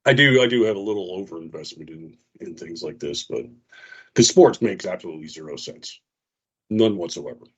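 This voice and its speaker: On a muffled recording, a radio talk show co-host with a low, breathy voice speaks fairly quickly as he tells an animated story. He raises his voice to play out the quotes of others in the chatty exchange.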